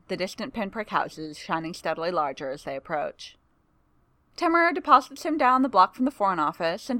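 Expressive woman reading a story. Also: mid-range voice, dry recording. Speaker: narrator.

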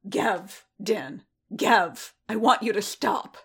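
A woman reading the lines of an angry, hurt helmeted warrior man in a rough, snapping tone. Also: mid-range voice, moderate pace.

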